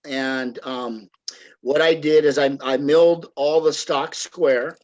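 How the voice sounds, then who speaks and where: A middle-aged American woodworker, the guest on a video call, speaks slowly in a steady, darkish voice on the high side, and the audio quality is poor. He rambles like a folksy storyteller and often restarts his sentences.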